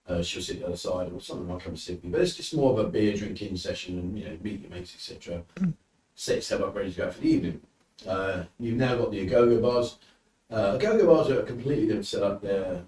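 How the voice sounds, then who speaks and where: In a lowish voice, a British man from the UK shares casual stories as a podcast guest, animatedly acting out quotes. The mic is distant, producing a roomy, off-mic recording with faint noise.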